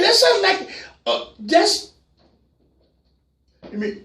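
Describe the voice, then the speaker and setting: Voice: animated, measured pace, distant mic. Passionate talk host in a roomy space. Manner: passionate, repeats phrases, swings from low murmurs to shouts. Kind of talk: call-in talk show monologue. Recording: roomy sound, voice from away from the mic.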